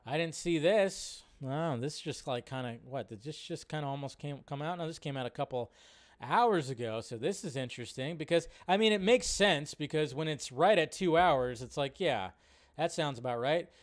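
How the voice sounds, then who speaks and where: A man's voice: fairly high pitch, lively intonation, normal speed. A male host of a live movie news show, chatting casually and thinking aloud with offhand restarts. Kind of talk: casual live-stream chat.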